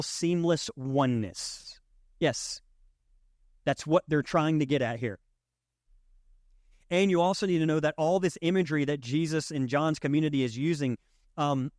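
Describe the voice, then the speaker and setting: A male pastor gives a conversational sermon in a fairly high voice. He keeps checking in with his listeners as he talks. The sound is dry and close. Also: no echo.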